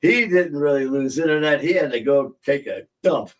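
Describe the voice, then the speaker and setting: A man's voice: fairly high pitch, animated, moderate pace, recorded from a distance. Rambling man telling funny stories. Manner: rambling anecdotal storytelling, laughs at his own jokes. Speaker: podcast host. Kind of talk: casual live-stream chat. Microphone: streaming setup mic.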